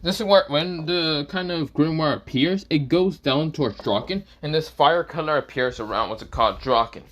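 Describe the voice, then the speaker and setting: A man's voice: on the high side, moderate pace, fairly bright tone, highs cut off. Rambling man improvising a fan story. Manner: rambling, many fillers and restarts.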